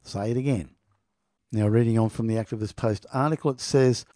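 A middle-aged man hosts a podcast, rambling through travel stories and reading from an article, often repeating "people" for emphasis. His mid-range voice is brisk and dark-toned. The recording is dry, with clean studio sound.

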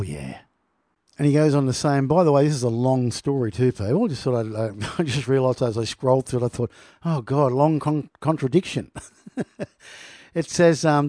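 A man's voice: mid-range voice, warm tone, dry recording, studio quality. A middle-aged man reading news aloud and mocking it, laughing often and talking to his listeners. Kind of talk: sarcastic commentary on news.

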